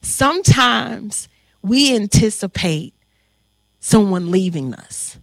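A woman hosting a talk on grief, telling a personal story in a heartfelt, animated way with frequent pauses. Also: medium pitch, gravelly, dry recording. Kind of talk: emotional storytelling.

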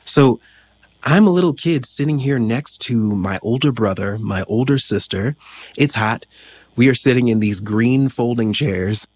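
A man's voice: medium pitch, expressive, a little slow, darkish tone. Reflective man telling his story. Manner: reflective, searching for words. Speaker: interview guest. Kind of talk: personal storytelling in an interview.

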